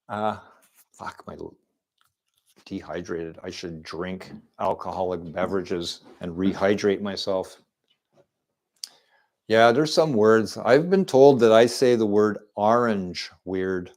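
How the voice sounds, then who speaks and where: Middle-aged man, unhurried low voice, rambling stream chatter at home on a desk mic. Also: a little mellow. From Canada. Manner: rambling and repetitive, with frequent restarts and fillers. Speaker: live streamer. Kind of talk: casual rambling stream monologue. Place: at home indoors. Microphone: desk microphone.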